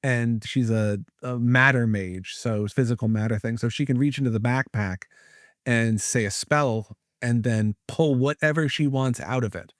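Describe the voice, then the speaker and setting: A man's voice: mid-range voice, normal speed, no echo, clean studio sound. A man hosting a casual podcast about tabletop gaming, rambling and restarting his sentences with many fillers. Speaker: podcast host, priest.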